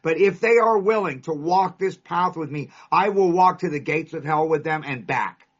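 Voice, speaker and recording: A man's voice: on the high side, normal speed. A man from California giving an emphatic, storytelling share at a recovery meeting, driving his points home with punchy lists. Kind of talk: recovery share to a live audience. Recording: dull lo-fi recording.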